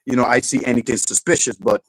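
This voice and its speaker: A man's voice: medium pitch, fairly even intonation, fast talker, no room sound, poor audio. A man hosting a casual livestream chat, talking loosely in slang and laughing often. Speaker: livestream host.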